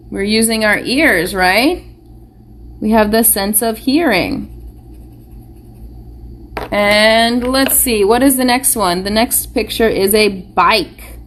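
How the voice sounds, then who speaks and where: Patient woman teacher, slightly high voice, very slow and encouraging with young kids. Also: a little hiss or hum. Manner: patient, encouraging, speaks slowly with questions to children. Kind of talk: live online phonics lesson for young children.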